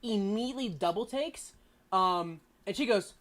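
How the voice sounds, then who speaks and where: A woman running a tabletop game as game master, narrating the scene in a loose, rambling way. Her voice sits at an ordinary middle pitch, peppered with fillers, restarts and laughter. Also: moderate pace, fairly bright tone.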